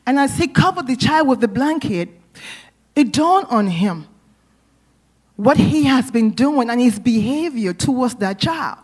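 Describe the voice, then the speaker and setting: A middle-aged woman pastor preaches with earnest warmth and turns to her listeners with questions. Her voice sits high and has a husky, breathy edge. She tells her story with a lot of feeling. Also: animated, measured pace. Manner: earnest, storytelling, addresses the congregation directly. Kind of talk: sermon.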